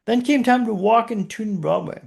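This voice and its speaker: A man with a notably high voice and a gravelly, fried edge tells a personal story as a podcast guest. He builds tension with short punchy phrases and rhetorical questions. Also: brisk.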